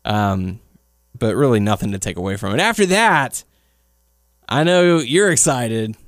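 A man co-hosting a relaxed chat, walking through the recap. His pitch swings widely as he talks. The sound is dry and close. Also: measured pace, no room sound. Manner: animated recapper who acts out quotes. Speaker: podcast co-host. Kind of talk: casual chat, recapping a show.

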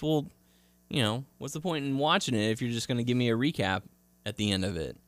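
A man's voice: medium pitch, normal speed, no echo. A young man co-hosting a podcast, recapping matches in a laid-back way with many fillers, laughing often. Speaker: podcast co-host. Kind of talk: casual wrestling recap.

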